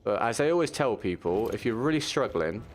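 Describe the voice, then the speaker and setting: A man's voice: mid-range voice, expressive, fairly quick, a little hiss or hum. A man streaming a shooter game, talking to his viewers in a supportive, casual way with frequent restarts. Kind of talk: casual chat while playing.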